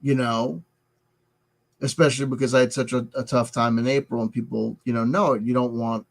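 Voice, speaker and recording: A middle-aged man talking through a personal confession in a halting, rambling way, full of restarts and filler words, wearing headphones. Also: mid-range voice, little pitch movement, creaky, rough recording. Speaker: vlogger. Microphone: headset headphones.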